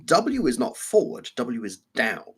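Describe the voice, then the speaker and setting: A man's voice: mid-range voice, measured pace, husky. A man co-hosting a live stream, chatting casually about video games and telling amused stories. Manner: storytelling, animated and amused. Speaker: co-host.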